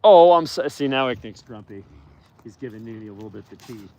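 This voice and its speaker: A man who cares for wolves at a sanctuary talks fast in an expressive, mid-range voice with a darkish tone. Outdoors in a wolf enclosure, he chats casually during a live walk-and-talk, cooing affectionately at the animals and answering viewer questions.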